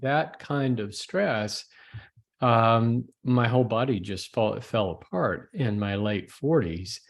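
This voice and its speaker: A man in his sixties, a physician guest in an interview, telling his story in a measured, reflective way. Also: mid-range voice, lively intonation, gravelly. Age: 60s. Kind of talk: casual interview.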